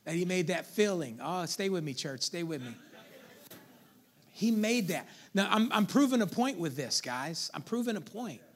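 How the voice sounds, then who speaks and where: A man's voice: sits high, expressive, moderate pace. A man preaching a sermon as pastor, conversational and playful, calling out to the congregation.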